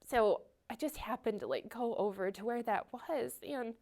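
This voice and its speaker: A woman's voice: on the high side, normal speed, darkish tone. A woman telling a personal testimony at church, earnest and emotional, with a chatty flow full of "like" and "you know.". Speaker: church member sharing testimony. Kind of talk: personal testimony, conversational storytelling.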